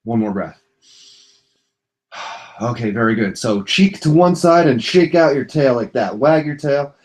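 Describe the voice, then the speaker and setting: A young man talks a viewer through a short yoga routine from the floor. His delivery is relaxed and jokey, slipping in goofy asides between breathing cues. His voice sits at an ordinary middle pitch. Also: measured pace. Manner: jokey, loose and playful, with silly asides. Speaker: yoga instructor. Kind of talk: casual yoga class instruction. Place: indoors on a floor.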